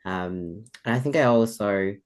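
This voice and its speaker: A man's voice: lowish voice, unhurried. Guy in his 30s, british-sounding accent, rambly chatty author on a podcast. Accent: British-sounding English. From Sweden. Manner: rambling, chatty, laughs often, many fillers. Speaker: author guest. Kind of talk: casual podcast interview.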